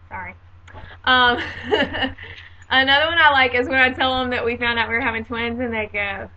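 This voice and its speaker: A woman in her late twenties talks in a loose, chatty monologue, dropping sarcastic asides and laughing often. Her voice sits a little high and sounds bright and forceful. The audio is dull and lo-fi, like a home video recording. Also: normal speed, slight background noise. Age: 20s. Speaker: vlogger.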